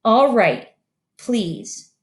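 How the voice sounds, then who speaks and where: A woman's voice: fairly high pitch, lively intonation, extremely slow, reverberant. A woman voicing a grumpy older male school caretaker who snarls out demands. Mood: furious.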